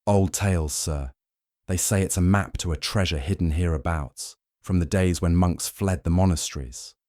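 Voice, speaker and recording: Brief: gruff, guarded Yorkshire estate groundskeeper, played by a man, thick Yorkshire accent, dry close sound. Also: low-pitched, normal speed, a little mellow, dry recording, close to an everyday voice. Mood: wary. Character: wiry weathered male Yorkshire groundskeeper, wary.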